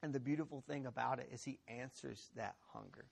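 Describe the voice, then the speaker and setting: Gravelly-voiced man preaching a sermon. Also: mid-range voice, fairly quick. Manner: animated, laughing storyteller with many restarts. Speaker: pastor. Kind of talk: sermon with a funny opening story. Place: church.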